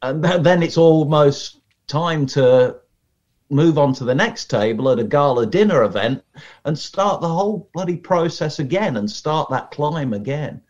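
A man guesting on a podcast as a magician, chatting in a lively, storytelling way and acting out how audiences react. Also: on the high side, a little slow. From Britain. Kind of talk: casual podcast conversation. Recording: slightly muffled lo-fi audio.

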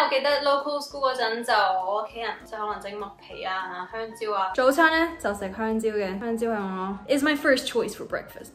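A woman's voice: on the high side, roomy sound. A woman in her twenties with a Hong Kong accent, chatting playfully as a vlogger and switching between English and Cantonese. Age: 20s. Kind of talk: casual vlog talk.

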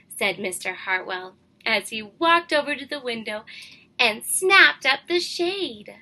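Woman kindergarten teacher, bright and clear, unhurried read-aloud with gentle questions. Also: fairly high pitch, expressive. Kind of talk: picture-book read-aloud for young children.

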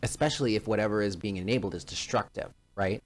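A man's voice: on the low side, quick pace, low-quality recording. A man giving a casual tarot reading straight to his viewers, emphatic and given to repeating himself. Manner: emphatic, repeats phrases, addresses listeners directly. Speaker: tarot card reader.

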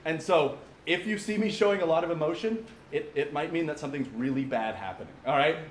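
A fairly quick, fairly high-pitched man, a pastor, preaches informally at a father-son camp gathering, speaking directly to those present with occasional asides. His echoey recording has faint ambience and slight background noise.

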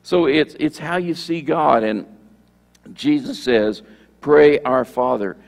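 Creaky-voiced male pastor in a reverberant hall. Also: on the high side, animated, slow. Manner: conversational preaching, repeats phrases, acts out sample prayers. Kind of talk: sermon. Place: church sanctuary. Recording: long church hall reverb.

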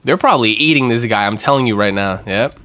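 A man hosting a gaming channel, giving excitable let's-play commentary with swearing and jumpy reactions. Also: mid-range voice, fast, a little hiss or hum.

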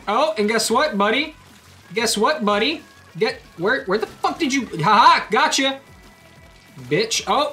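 A young man yells and trash-talks his way through a match, his voice swinging wildly up and down in pitch. He talks in a bright, unhurried way between bursts of shouting. Faint game music plays behind him. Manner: loud, excitable, swearing, trash-talking opponents. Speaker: gaming YouTuber. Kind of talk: casual gameplay commentary.

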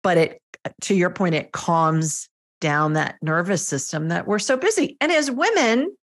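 A woman's voice: on the low side, lively intonation, unhurried. A middle-aged woman hosting an interview, chatty and earnest as she talks about her own nightly habits. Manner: chatty and earnest, speaks personally. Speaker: podcast host. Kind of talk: conversational interview.

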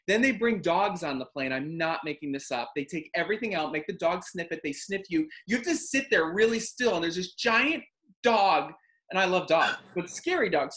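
A man hosting a casual chat, telling a long travel story with lively acted-out quotes. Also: sits high. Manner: animated, acts out quotes and voices. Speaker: host.

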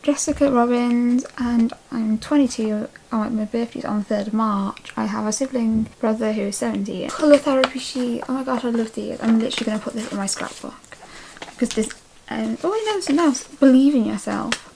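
A young woman vlogging as she opens her mail, gushing and excitable, with a lot of "oh my gosh". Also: on the high side, normal speed, vocal fry, slight background noise, rough recording. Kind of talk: casual mail-opening vlog.

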